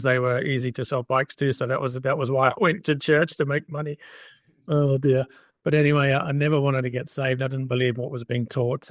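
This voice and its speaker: As a guest entrepreneur on a podcast, this older man spins a lengthy personal anecdote in conversation, performing the lines of dialogue he quotes. His voice is medium in pitch and recorded without echo.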